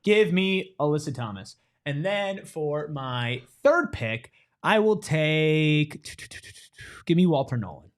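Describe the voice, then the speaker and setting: A slightly high, lively man hosting a sports talk show. He brags and teases his co-hosts in an easy, animated way, with his pitch moving up and down a lot. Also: slow. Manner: boastful, teasing. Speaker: sports podcast host. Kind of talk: casual chat.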